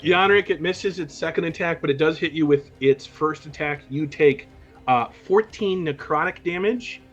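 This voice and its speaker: A man's voice: fairly high pitch, moderate pace, fairly bright tone, lo-fi sound, soft background music. A man narrating as game master of a tabletop game, easygoing and laughing often.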